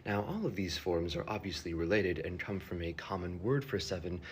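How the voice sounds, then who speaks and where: A man giving a scripted explainer narration in a measured, precise, lecturing way. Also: sits low, animated, slight background noise.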